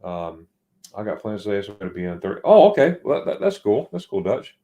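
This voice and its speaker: A man hosts a loose, late-night live chat with a low, mellow voice. He rambles and trips over repeated words, laughing often. He sounds tired from being up all night. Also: very animated, brisk. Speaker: host.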